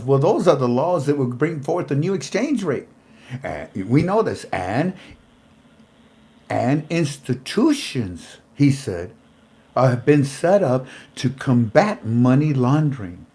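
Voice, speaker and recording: A man hosting a casual commentary show, talking in an animated way, often repeating words and chuckling. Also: mid-range voice. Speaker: show host.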